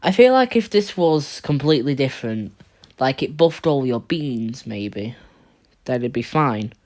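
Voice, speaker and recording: A man's voice: medium pitch, sing-song, measured pace, darkish tone. Blunt, rambling man ranking game cards. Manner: rambling, blunt, stumbles over words. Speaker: card game video creator. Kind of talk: casual tier list commentary.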